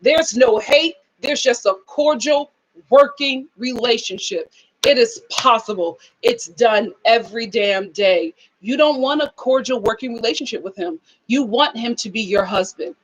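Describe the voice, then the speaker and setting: Woman host, live aftershow commentary; high voice, animated, mimics people. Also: unhurried, poor audio.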